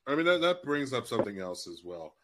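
A man's voice: mid-range voice, big pitch swings, fast talker, background noise. A man hosting an interview podcast, talking casually in loose, filler-heavy phrasing with some swearing. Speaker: podcast host.

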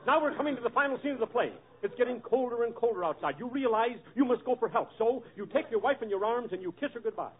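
A man's voice: very high-pitched, expressive, fast, hardly any pauses, phone-quality sound. A man narrating and directing a 1940s radio comedy sketch. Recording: old broadcast with loud audience.

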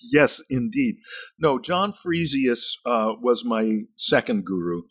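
Husky older man, thoughtful and halting. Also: medium pitch. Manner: thoughtful, halting restarts, reads passages slowly and expressively. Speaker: author and retired teacher. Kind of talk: podcast interview, reading from his book.

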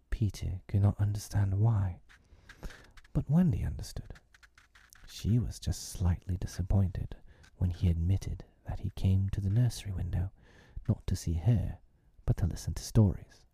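A man reading a children's classic aloud in a soft, breathy, half-whispered storytelling voice. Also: low voice, animated, measured pace, dry recording.

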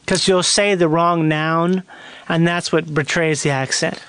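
High-voiced man riffing playfully. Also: steady tone, measured pace, fairly bright tone, smooth, dry recording. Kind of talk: casual chat.

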